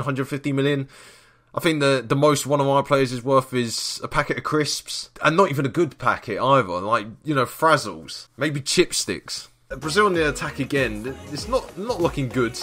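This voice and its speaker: Self-mocking man commenting on a game. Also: mid-range voice. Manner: dry self-mocking, bursts into shouting at goals. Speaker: gaming YouTuber.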